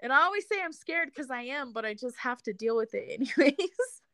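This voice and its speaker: A woman's voice: sits high, expressive, a little fast, bright, forceful tone, dry recording. Woman laughing through a story, dry sound. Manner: laughs often and swears freely while telling the story. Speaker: guest telling a personal story. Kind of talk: casual chat.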